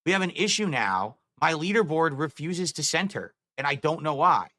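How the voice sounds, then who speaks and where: A man's voice: on the high side, very animated, moderate pace, pushed and bright. A middle-aged man streaming live, talking to chat and swearing in exasperation over his broken setup. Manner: exasperated, swearing, talking through tech trouble.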